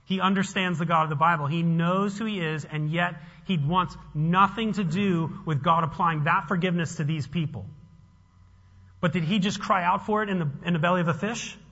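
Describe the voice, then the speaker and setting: A man preaching an expository sermon in an animated, conversational way, often restarting his sentences. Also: high-pitched, moderate pace. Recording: long hall reverb, dull lo-fi sound.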